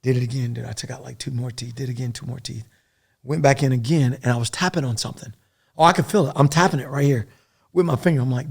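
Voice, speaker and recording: Middle-aged male guest: rapid, gravelly, profane storyteller, animated and rambling. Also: medium pitch. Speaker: podcast guest, former soldier. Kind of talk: casual war storytelling.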